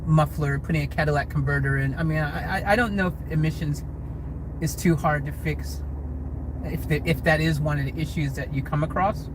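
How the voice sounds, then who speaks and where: An American man hosts a livestream Q&A from his car, reading out chat comments and answering with rambling, hedged replies and plenty of restarts. His voice is on the high side with fairly even intonation and a fairly quick pace, against background noise.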